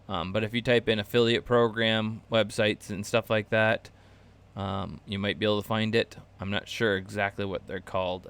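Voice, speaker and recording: Male host, lowish smooth voice, teaches a live class off the cuff with fillers, restarts and chuckles. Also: a bit bright. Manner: rambling, loose, with many fillers and restarts. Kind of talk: casual live-stream teaching.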